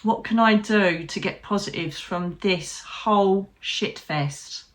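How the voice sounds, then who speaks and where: A woman's voice: mid-range voice, slow pace. A British woman, a psychic medium, talking candidly and from the heart to her viewers, with frank swearing and light humour. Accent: British English. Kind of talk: personal vlog talking to camera.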